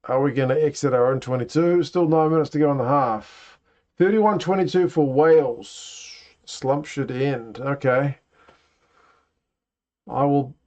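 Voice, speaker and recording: A man's voice: mid-range voice, unhurried, darkish tone. A man hosting a casual live watch-along, reacting to play and chatting with viewers. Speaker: livestream host. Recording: dull lo-fi stream audio.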